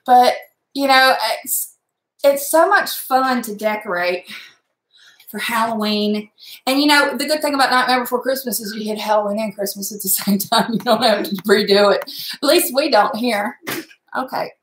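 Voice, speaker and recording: A middle-aged woman with a drawl, chatty and blunt, talking through a craft project as she works. Her voice sits a little high. The sound is echoey, as if she were in a bare room at home. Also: normal speed, fairly bright tone, a little hiss or hum. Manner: chatty, blunt, mild cursing, talks while working. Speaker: crafting vlogger. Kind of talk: casual crafting livestream chat.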